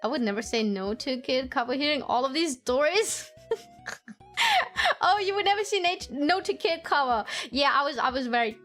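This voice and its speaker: High-voiced woman streamer, swearing and laughing. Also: expressive, normal speed, fairly bright tone, faint music behind. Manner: swears freely, laughs often, mimics family members in high voices. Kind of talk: casual storytelling chat with viewers.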